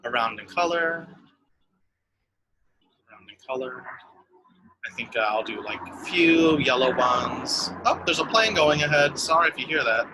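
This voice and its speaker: Bright, lively male teacher for little kids. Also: mid-range voice, slight background noise, low-quality recording. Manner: sing-song, speaks slowly and sweetly to small kids. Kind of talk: online lesson for young children.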